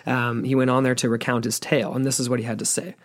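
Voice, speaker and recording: A man with a mid-pitched voice co-hosts a casual podcast. He retells a strange story in a relaxed, conversational way. He reads quoted accounts aloud and breaks in with chatty comments. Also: fast. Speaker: podcast co-host.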